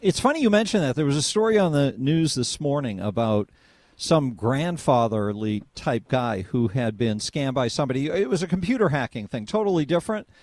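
A man's voice: mid-range voice, big pitch swings, fairly quick, darkish tone, dry recording. A man hosting a talk radio show, interviewing a guest in a rambling way with many fillers and restarts.

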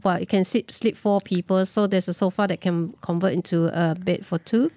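A woman's voice: on the low side, steady tone, normal speed, mellow, no room sound. A middle-aged woman, a guest speaking frankly and with self-mocking humour about her travels. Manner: frank, self-deprecating, laughs easily. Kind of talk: casual storytelling.

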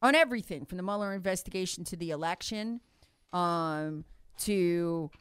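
A woman's voice: fairly low pitch, normal speed, fairly bright tone, clear, resonant tone, dry recording. Emphatic woman, close dry mic. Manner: emphatic, repeats points, acts out others' voices. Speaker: political commentator guest. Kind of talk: animated political talk.

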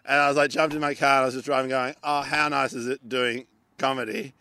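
Bright-voiced Australian comic telling a story. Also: male voice, mid-range voice, quick pace. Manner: animated, swears freely, acts out voices. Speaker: comedian and podcast co-host. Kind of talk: casual storytelling chat.

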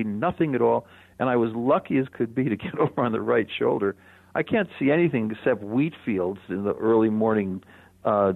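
An older man, a radio guest, telling a personal story in a reflective, animated way with soft chuckles. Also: lowish voice, creaky, no room sound. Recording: phone-line radio interview.

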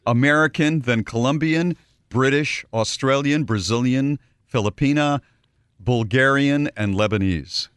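A man's voice: medium pitch, measured pace, smooth, no echo, clean studio sound. A man co-hosting a radio show, bantering and joking in casual talk. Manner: joking, teasing, lively delivery. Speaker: radio co-host.

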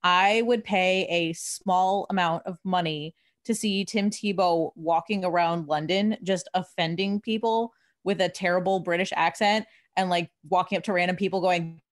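A young woman co-hosting a sports talk show, telling stories in an animated, jokey way in casual chat. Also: fairly low pitch, normal speed. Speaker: sports podcast co-host.

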